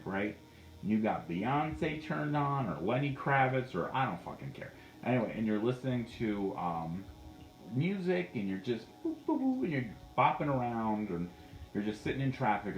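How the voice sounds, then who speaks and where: A man talking casually as a psychic medium, animated and jokey, swearing freely and acting out little inner dialogues as he answers viewers. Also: mid-range voice, echoey room, a little hiss or hum, rough recording. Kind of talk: casual livestream talk.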